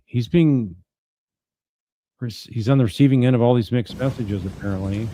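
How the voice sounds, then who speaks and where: A man's voice: mid-range voice, moderate pace, warm tone, a little hiss or hum. A man commenting as an attorney on trial evidence, talking in a casual, wry, conversational way as he reads out messages and reacts.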